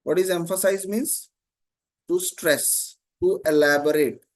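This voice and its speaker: A man teaching an online grammar class, explaining slowly, repeating terms and often checking "Okay?". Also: sits high, steady tone.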